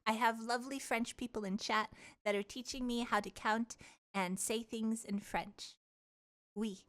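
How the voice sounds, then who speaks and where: A woman's voice: a little high, fairly even intonation, measured pace, fairly bright tone. A young woman streamer chatting casually with her live chat, playful and giggly, trying out words with a mock French accent.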